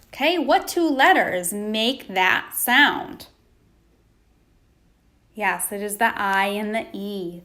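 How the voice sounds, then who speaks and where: A woman teaching a phonics lesson to young children, pausing for answers and praising them. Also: medium pitch, bright, forceful tone. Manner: slow, patient, prompting pauses for answers.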